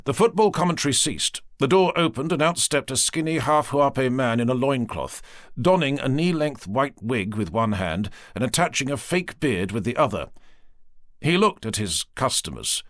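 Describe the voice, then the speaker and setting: A man narrating an audiobook in an expressive storytelling manner, close to a studio mic. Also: mid-range voice, moderate pace, no echo. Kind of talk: scripted narration.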